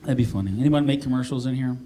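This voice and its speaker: A man's voice: mid-range voice, racing. A middle-aged man from Maine doing a stand-up comedy set, self-mocking and talking to the crowd. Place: comedy club stage. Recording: live club set with loud audience laughter. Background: audience laughing.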